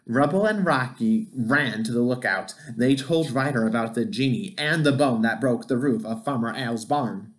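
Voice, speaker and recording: A man reading a children's picture book aloud, gentle and expressive. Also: mid-range voice, normal speed, few pauses. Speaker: storybook reader.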